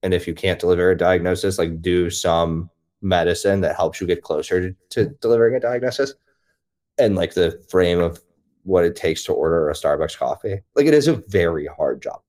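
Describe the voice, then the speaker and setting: A man with a very deep, low voice talks through a topic in an easygoing, explanatory way. He leans on fillers as he goes, keeping the chat relaxed and informal. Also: brisk. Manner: explanatory and conversational, full of "like" fillers. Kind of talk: casual chat.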